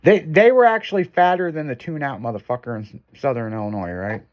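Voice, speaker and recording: A man's voice: mid-range voice, a little fast. A man hosting a casual chat, telling a long profane story with lots of swearing and acted-out quotes. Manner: profane, animated storyteller who acts out quotes.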